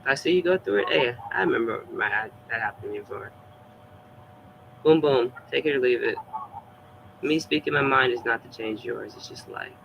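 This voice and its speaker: A man's voice: medium pitch, creaky, a bit bright, muffled recording, a little hiss or hum. A man streaming, chatting in a loose, rambling way with many fillers and bursts of laughter. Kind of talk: casual rambling chat.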